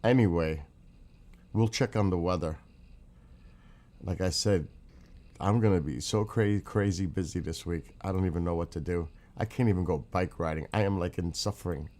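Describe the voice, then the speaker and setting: A man's voice: deep voice, moderate pace, a little mellow. A middle-aged man with a New York accent, chatting casually on a morning livestream and greeting viewers by name as he rambles. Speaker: livestream host.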